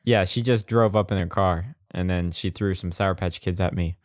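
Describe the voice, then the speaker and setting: A man's voice: deep voice, fairly even intonation, normal speed, dry recording, studio quality. A young man co-hosting a casual podcast chat, laid-back and rambling. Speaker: podcast co-host.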